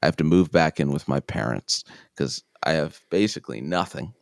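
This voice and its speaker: A man telling his own story as an interview guest, self-deprecating and animated, acting out the people in it. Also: a bass voice, moderate pace, creaky, no room sound, studio quality. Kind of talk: casual storytelling.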